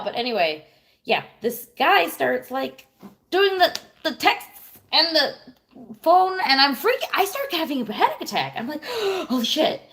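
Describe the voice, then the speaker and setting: A woman's voice: mid-range voice, creaky, a bit bright. A woman in her thirties chatting casually on a livestream, telling a rambling, profane story and answering viewers. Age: 30s. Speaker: streamer.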